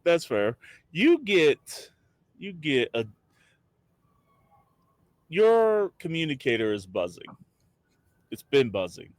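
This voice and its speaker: A man's voice: a little high, big pitch swings, slow pace, long pauses. A man running a tabletop game as game master, playful and stumbling over his words.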